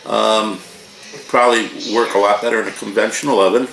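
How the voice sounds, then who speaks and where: A man's voice: fairly low pitch, steady tone, brisk, creaky, fairly bright tone. A man in his sixties casually reviewing frozen food at home, a folksy, rambling talker who wanders off into jokes and old stories. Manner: folksy, digressive, joking storyteller. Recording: roomy echo, faint noise.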